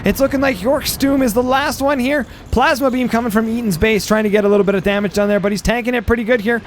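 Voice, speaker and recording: A man's voice: very high-pitched, fast talker, slight background noise. A young man commentating a strategy game, rambling with fillers and losing his voice. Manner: energetic, rambling, with frequent fillers. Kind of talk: gameplay commentary.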